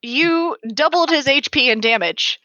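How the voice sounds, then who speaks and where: Bright-voiced woman game master, swearing. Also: sits high, expressive, unhurried, no room sound, dull audio. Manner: swears casually, laughs often. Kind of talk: narrating a tabletop game.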